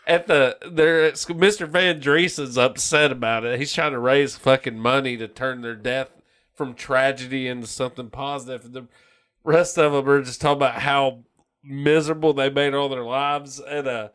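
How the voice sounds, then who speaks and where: A man's voice: medium pitch, steady tone, normal speed, a bit bright. A man co-hosting a podcast, telling stories in a profane, rambling way. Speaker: podcast co-host. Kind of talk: casual chat.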